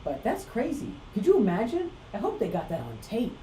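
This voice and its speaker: A woman's voice: medium pitch, huge pitch swings, a little fast, dark tone. A woman hosting a podcast, chatting casually and animatedly, often mimicking people in quotes. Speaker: podcast host. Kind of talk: casual chat. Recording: roomy room with faint noise.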